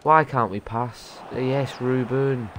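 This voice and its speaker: A young man streams his football game and talks over it without a break. His voice sits in the middle range and jumps to excited yelps at big moments. Clear game noise runs underneath the whole time. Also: mid-range voice, slow. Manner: excitable, loud outbursts between muttered remarks. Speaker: gaming streamer. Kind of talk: live gameplay commentary.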